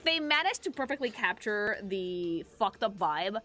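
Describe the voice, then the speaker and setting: A woman streamer gushing excitedly and profanely while reacting to an animation for her chat. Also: medium pitch, a little slow.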